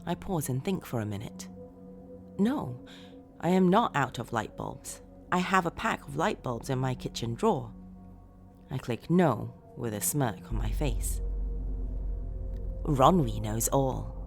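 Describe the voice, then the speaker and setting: A woman narrating a first-person horror story in a dramatic, expressive way, moving between hushed lines and shouts. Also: very deep voice, measured pace, soft background music.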